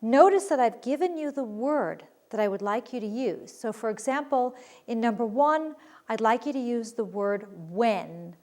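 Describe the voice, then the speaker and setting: A woman's voice: fairly high pitch, moderate pace, darkish tone. A woman teaching a recorded writing lesson, patiently explaining sentence structure and reading examples aloud.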